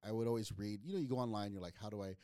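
A man's voice: fairly low pitch, racing, dark tone, clean tone, no room sound, clean studio sound. A man from Northern California, a comedian guest, telling stories in a blunt, direct way with casual cursing. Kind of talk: casual storytelling.

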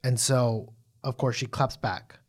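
A man co-hosting a casual recap chat, animated and profane, full of fillers and restarts. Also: medium pitch, slow. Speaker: podcast co-host.

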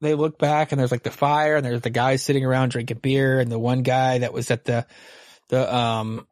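A man's voice: mid-range voice, flat delivery, normal speed, no echo. A man in casual chat about a comic, laid-back and hesitant, with lots of fillers. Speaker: podcast guest.

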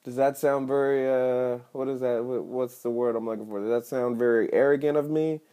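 A young man rambling and swearing through a solo podcast episode, cracking crude jokes and breaking into sudden loud outbursts. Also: mid-range voice, steady tone, moderate pace. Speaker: podcast host and stand-up comedian. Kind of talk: casual rambling monologue.

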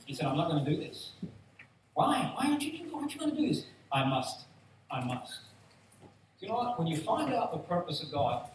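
In an echo-filled church hall, a pastor whose voice sits a bit high for a man gives an animated sermon full of stories, voicing the people in them. The mic is distant, and faint noise lies beneath the sound.

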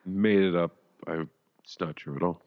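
A man's voice: low-pitched, fairly even intonation, normal speed. A man co-hosting a podcast in casual comedic chat, rambling and sarcastic, laughing often. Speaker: podcast co-host. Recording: dull lo-fi sound.

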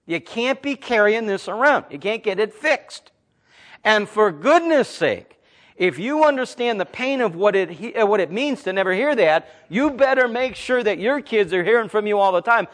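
A man in his fifties, a Christian talk host, telling stories and preaching in a blunt, emphatic, animated way. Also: sits high, normal speed. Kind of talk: conversational preaching with storytelling.

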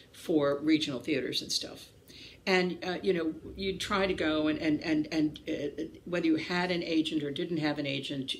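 A woman from Maryland telling lively stories as an interview guest, acting out the voices of people she describes, with many restarts and fillers. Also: low-pitched, a little hiss or hum. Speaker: guest actress. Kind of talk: casual storytelling interview.

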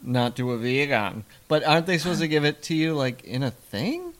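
A man's voice: on the high side, sing-song, normal speed, fairly bright tone. A man co-hosting a podcast in casual chat, rambling and joking and often tripping over his words. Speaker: podcast co-host.

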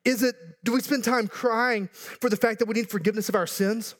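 A man's voice: very high voice, fairly even intonation, fairly quick. A pastor in his thirties or forties preaching a sermon earnestly, building to emphatic repeated lines with joking asides.

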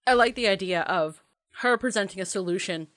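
A woman's voice: mid-range voice, fairly quick, fairly bright tone, dry recording, studio quality. Playful, chatty woman discussing a movie. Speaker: podcast co-host.

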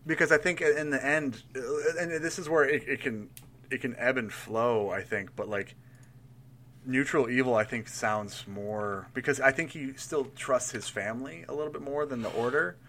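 A man with a bright, forward voice talks casually about a tabletop role-playing character. He thinks aloud, rambling with restarts and little laughs. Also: mid-range voice, normal speed. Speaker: player building a tabletop character. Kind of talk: casual chat.

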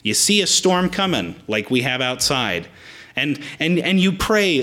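A man's voice: on the high side, big pitch swings, unhurried, sharp tone. A man preaching a sermon, explaining the Greek words in the text as he teaches.

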